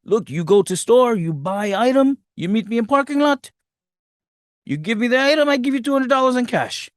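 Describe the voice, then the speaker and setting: A man putting on a shady male crime boss who talks in halting, clipped broken English. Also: sits high, no room sound, clean studio sound, voice pushed up. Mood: pushy.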